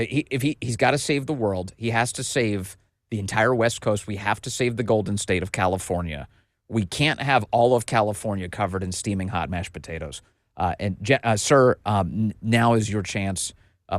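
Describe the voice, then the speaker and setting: A man's voice: fairly low pitch, dry recording, clean studio sound. A man hosting a casual political commentary show, reading documents aloud with a mocking, incredulous tone.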